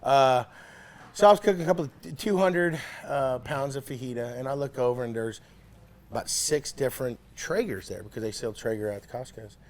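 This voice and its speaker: Easygoing man pitmaster telling stories. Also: mid-range voice. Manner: relaxed anecdote-telling with many "uh" pauses. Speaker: competition pitmaster. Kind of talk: casual interview storytelling.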